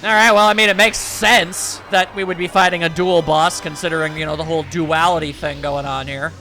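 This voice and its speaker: A let's play commentator, voice a little high, steady, bright and forceful, talks a little fast as he wryly chats through a game. He reads its dialogue aloud while faint game music plays underneath.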